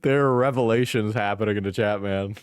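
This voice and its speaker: A man's voice: fairly low pitch, a little fast, smooth, no room sound, clean studio sound. A tired man from Wisconsin doing sarcastic live stream commentary, joking and laughing as he reacts to videos.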